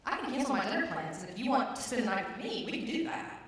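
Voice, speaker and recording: A woman's voice: fairly high pitch, big pitch swings, fast talker, fairly bright tone, a little hiss or hum. A woman voicing a harsh, relentless female fitness trainer who confronts and mocks. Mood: taunting. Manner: confrontational, probing, mocking. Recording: very echoey room, distant mic.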